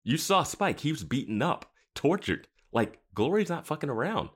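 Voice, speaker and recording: A man's voice: on the high side, sing-song, moderate pace, husky. A man co-hosting a casual podcast who laughs often and rants in exasperation about the characters' choices. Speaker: podcast co-host. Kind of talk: casual recap chat.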